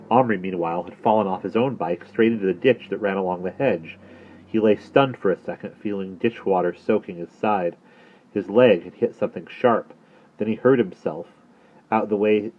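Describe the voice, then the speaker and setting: Male reader of a children's novel, very low voice, steady and measured. Thin, phone-like audio. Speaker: narrator. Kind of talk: reading a children's novel aloud. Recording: phone-like narrow sound.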